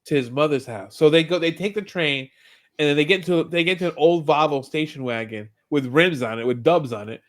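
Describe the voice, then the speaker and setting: A man's voice: fairly high pitch, fairly quick. A man co-hosting a podcast, animatedly retelling a TV episode in casual chat and acting out characters' lines. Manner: animated storytelling, acts out lines. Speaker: podcast co-host.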